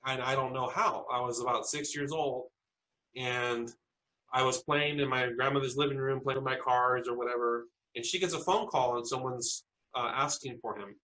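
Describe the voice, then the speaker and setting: A man from South Texas, a podcast interview guest, earnestly telling personal stories with halting restarts. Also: mid-range voice, steady tone, sharp tone, rough recording.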